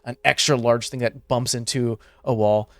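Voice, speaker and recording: A man's voice: medium pitch, steady tone, normal speed, no room sound. A man narrating as game master of a tabletop game, rambling with many filler words.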